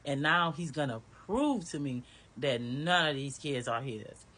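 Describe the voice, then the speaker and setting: A woman's voice: rumbling low, lively intonation, a little slow, a bit bright, breathy edge. A woman candidly telling her own story in a casual, blunt way, with some swearing. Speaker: storyteller recounting her marriage.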